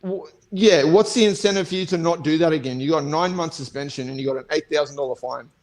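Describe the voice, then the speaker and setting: Australian man, podcast co-host, angry profane rant, slightly raised pitch. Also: fast talker. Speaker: co-host and fighter. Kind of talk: casual podcast chat.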